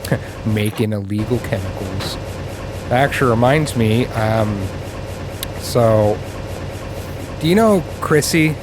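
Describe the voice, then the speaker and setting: A man's voice: lowish voice, expressive, unhurried, pauses often, background noise. A man hosting a let's play, chatting casually while gaming, laughing often and swearing as he tells stories. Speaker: let's play host playing the game.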